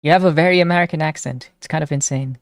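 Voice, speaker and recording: A woman's voice: sits low, very fast, no echo. Chatty young woman streamer, dry close sound. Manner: chatty, reads chat aloud and answers it, excitable. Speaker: live streamer. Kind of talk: casual chat reacting to viewers.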